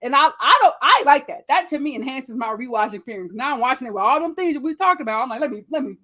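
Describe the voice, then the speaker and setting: A woman with features chatting casually on a panel, acting out what people say in lively voices. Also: sits high, fast talker. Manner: animated, quotes people in voices.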